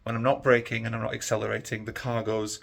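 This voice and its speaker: A man's voice: fairly low pitch, little pitch movement, fast talker, gravelly. A tired man, chatting casually to camera in a rambling, easygoing vlog. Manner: rambling, easygoing, many fillers. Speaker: vlogger.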